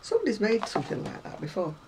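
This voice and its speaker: A woman's voice: medium pitch, wildly swooping pitch, very fast, heavy background noise. A woman chatting casually to viewers about craft magazines, rambling and self-deprecating, a little unwell. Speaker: craft vlogger.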